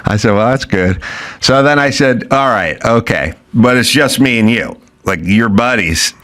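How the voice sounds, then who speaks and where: A man's voice: mid-range voice, measured pace, fairly bright tone. A middle-aged man telling a rowdy story in casual chat, acting out quotes, swearing and laughing. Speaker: podcast host.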